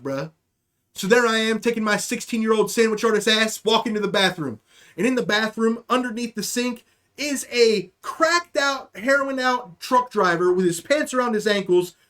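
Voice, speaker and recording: A man with a high-pitched voice tells a crude, rambling story in a casual podcast monologue. He jokes and curses freely while he talks to his listeners. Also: fairly bright tone. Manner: rambling, profane, jokey. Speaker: podcast host.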